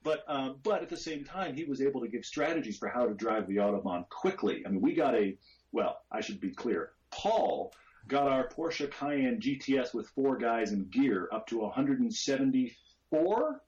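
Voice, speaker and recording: A man's voice: mid-range voice, lively intonation, normal speed, a little mellow, dull audio. A man from the United States chatting as a podcast guest, telling stories animatedly and mimicking voices in quotes. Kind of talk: casual podcast chat.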